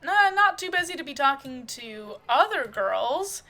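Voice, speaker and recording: A woman's voice: sits high, big pitch swings, a little slow, sharp tone, pitched above the performer's own voice, full character voice. A woman voicing a snide young man who teases and mocks. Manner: snide, teasing.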